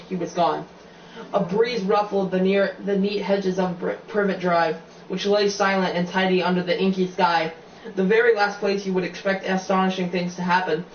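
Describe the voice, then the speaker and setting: A man with a fairly high voice reads a novel aloud, often tripping over words and starting lines again. He sits back from the mic in an echoey room, and the sound is dull and muffled with faint noise behind. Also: far from the mic. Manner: stumbling reading with frequent slips and restarts. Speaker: reader.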